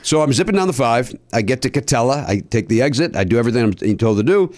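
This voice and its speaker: A man telling a long story in casual podcast chat, animated and a bit profane, with high mock voices for people he quotes. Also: fast, dry recording. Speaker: podcast host.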